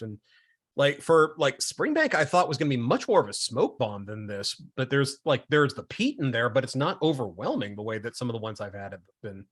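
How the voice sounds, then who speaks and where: Animated man chatting about whisky. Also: mid-range voice, brisk, breathy edge. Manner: rambling, animated storytelling. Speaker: guest whisky taster. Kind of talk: casual tasting chat.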